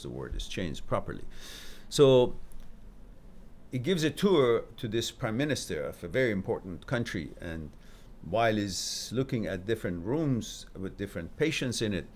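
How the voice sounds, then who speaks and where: A man hosting a live stream, telling stories and giving advice in a casual, animated way, jumping from loud emphasis to quiet asides. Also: on the low side, a little hiss or hum.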